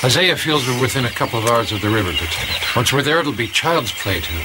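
Male actor, brooding expedition man, lively sweeping delivery, loud jungle noise with insects and birds. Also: mid-range voice, fast, lightly acted. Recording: film audio with loud jungle ambience, insects.

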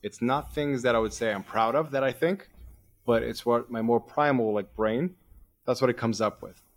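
A man hosting a podcast, coaching his guest in an energetic, explanatory way and quoting his own inner thoughts as examples. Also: mid-range voice, moderate pace. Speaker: podcast host, performance coach. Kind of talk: coaching conversation.

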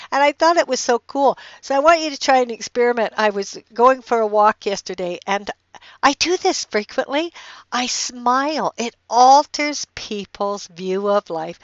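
An older woman giving a chatty motivational talk, halting and restarting often and laughing as she goes. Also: medium pitch, fairly bright tone, no room sound, dull audio.

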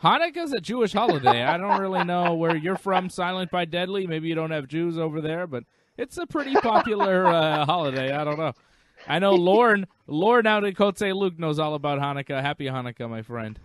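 A man's voice: on the high side, animated, a little fast. A man hosting a casual podcast, joking, teasing co-hosts and reading viewer comments aloud. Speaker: podcast host reading chat.

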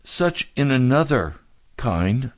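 A man's voice: medium pitch, very animated, slow pace, dry recording. A man, a pastor preaching an earnest radio sermon that builds in fervor.

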